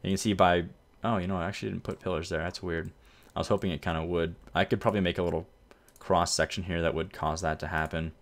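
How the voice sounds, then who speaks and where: Playing a city-building game on video, this host talks at a quick clip in a low-pitched voice. His commentary is easygoing, rambling, and dotted with self-corrections.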